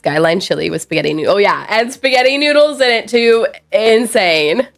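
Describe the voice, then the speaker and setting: A woman's voice: mid-range voice, lively intonation, moderate pace, gravelly, soft background music. A woman streamer chatting casually with her viewers, rambling and reacting playfully to chat messages. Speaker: live streamer.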